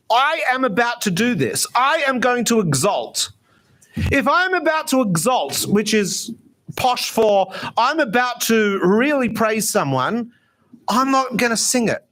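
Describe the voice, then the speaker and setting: A man, a rabbi, giving an informal, chatty talk on prayer and meditation at a gathering, lively and self-mocking. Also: very high voice.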